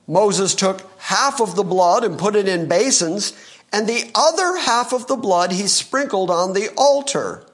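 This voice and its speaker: A male pastor preaching a sermon and reading scripture aloud, conversational, with playful asides. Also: high-pitched.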